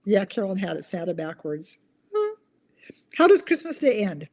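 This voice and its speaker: A woman's voice: mid-range voice, very animated, moderate pace, long pauses, warm tone. A woman hosting a casual live chat, reading viewer comments aloud and giggling at her own corny jokes. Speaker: host of a live online chat.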